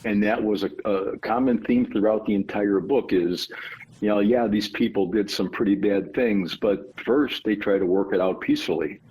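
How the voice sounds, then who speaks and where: A man, an author guest on an interview podcast, explaining his ideas in a measured, storytelling way. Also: on the low side, warm tone, breathy edge, rough recording. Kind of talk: conversational interview.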